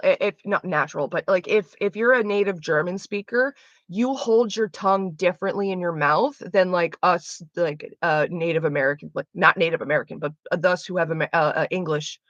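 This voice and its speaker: A woman's voice: fairly low pitch, brisk, fairly bright tone, no room sound. A young woman chatting casually on a livestream, rambling with lots of fillers, restarts and casual swearing. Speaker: streamer. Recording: dull lo-fi dry sound.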